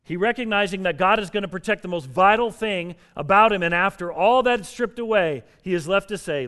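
A man preaching a sermon in an earnest, emphatic way, building up in intensity and then dropping low. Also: brisk, few pauses, a bit bright. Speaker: pastor.

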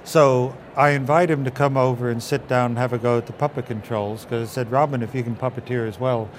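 A man from England recalls stories in an interview, slipping into other people's voices as he tells them. A steady hum of traffic noise sits under his voice. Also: mid-range voice, a little fast. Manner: animated storyteller acting out quotes. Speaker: puppeteer guest. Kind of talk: interview anecdotes.

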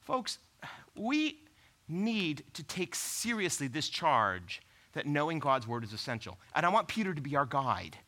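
Male pastor, high bright voice, lively conversational sermon full of rhetorical questions. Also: unhurried.

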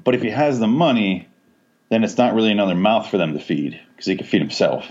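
A man with a fairly low voice is chatting casually on a podcast. He swears freely, laughs often and tells stories with energy. The recording sounds dull and lo-fi. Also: quick pace. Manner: profane, laughing, animated storytelling. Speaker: podcast co-host. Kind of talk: casual movie discussion. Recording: dull lo-fi audio.

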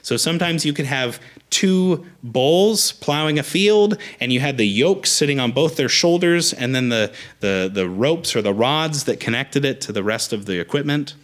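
Animated man preaching a sermon. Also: medium pitch, normal speed, hardly any pauses. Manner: animated, emphatic preaching with repetitions and rallying calls. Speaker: pastor.

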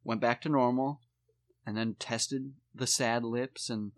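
A man chatting casually about his kids, telling stories and swearing in a relaxed way. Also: mid-range voice, a little slow. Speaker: podcast co-host, father. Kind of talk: casual chat.

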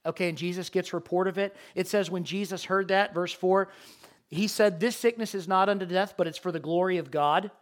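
A high-voiced man delivering a sermon, reading scripture aloud verse by verse. He explains each passage in an emphatic way and often repeats short phrases to drive a point home. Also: fairly even intonation, fairly quick. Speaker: preacher.

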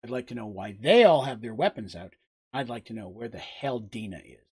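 A man's voice: mid-range voice, animated, brisk, breathy edge, pitched below the performer's own voice. A man playing an intense, protective young warrior. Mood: suspicious. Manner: blunt and forceful.

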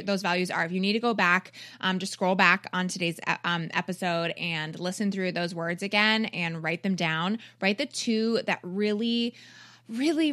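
A woman's voice: mid-range voice, sharp tone, dry recording. Woman in her thirties, podcast host; earnest, heartfelt, lots of ums and tag questions; dry close-mic sound. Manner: earnest, emotional, many ums and "right?". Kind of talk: heartfelt solo podcast talk.

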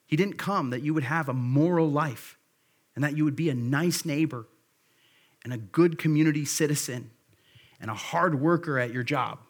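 Earnest, slightly high-voiced preacher. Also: male voice, normal speed. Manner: earnest, conversational, repeats key phrases for emphasis. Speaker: pastor. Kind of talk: sermon. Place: church service.

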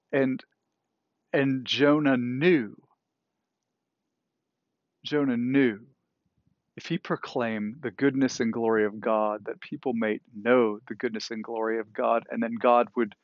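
A man's voice: mid-range voice, no echo, dull audio. A man preaching a sermon in a conversational way, often checking in with "right?" as he retells a story. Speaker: pastor. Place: indoors, cool enough for a jacket.

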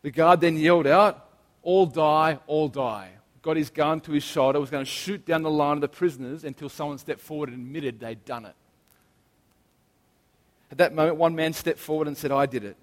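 A man delivers a sermon with earnest emphasis, drawing out key phrases slowly. His voice sits a little high for a man. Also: fairly even intonation, big-room sound. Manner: earnest, emphatic preaching with slow stressed phrases. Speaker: preacher.

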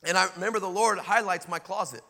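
A man's voice: high voice, fast talker, bright, forceful tone, big-room sound. A man preaching a sermon, telling a personal story with acted-out dialogue and building to emphatic exhortation.

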